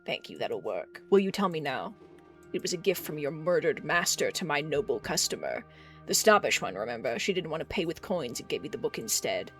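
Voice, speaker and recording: A streamer voicing a scheming old crone merchant in a game, sly and mocking, with a drawn-out delivery. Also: mid-range voice, very animated, faint music behind. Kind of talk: reading game dialogue aloud.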